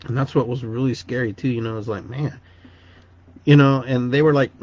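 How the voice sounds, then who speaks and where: A man's voice: medium pitch, steady tone, brisk, darkish tone, highs cut off. A man hosting a podcast, telling a personal story in a rambling way, often repeating words and restarting sentences. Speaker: podcast host.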